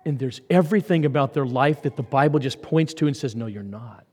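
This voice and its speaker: A man preaching a sermon, swinging from loud emphatic lines to hushed whispers. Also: mid-range voice, a little fast, husky. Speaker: pastor. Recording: long hall reverb.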